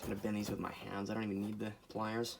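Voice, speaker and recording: A man hosting a casual repair video, rambling and joking to his viewers as he works, often away from the camera and now and then breaking into loud bursts. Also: on the low side, flat delivery, fast talker, vocal fry, slight background noise. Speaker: hobbyist video host repairing a clock. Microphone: camera mic, speaker often away from camera.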